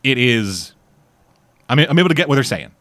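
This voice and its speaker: A man's voice: mid-range voice, very animated, normal speed, a bit bright, no room sound. A Canadian man casually reviewing a series in rambling, profane chat full of restarts. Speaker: podcast host reviewing a series.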